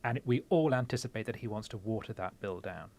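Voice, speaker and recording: A man's voice: on the low side, fairly quick, creaky, darkish tone. English man explaining the politics. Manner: explanatory, lays out the context. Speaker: podcast co-host. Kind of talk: political discussion.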